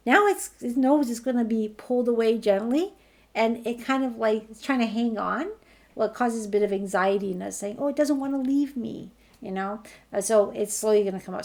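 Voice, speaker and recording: A woman leading a group healing call, talking listeners through it in a gentle, reassuring, slow guiding way. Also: mid-range voice, gravelly. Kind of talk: guided healing talk.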